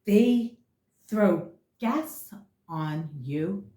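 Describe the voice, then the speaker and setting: A woman rambles through a casual tarot reading, blunt and swearing a lot. Her mid-range voice is warm and expressive, and she draws out her words. The room she's recording in is echoey.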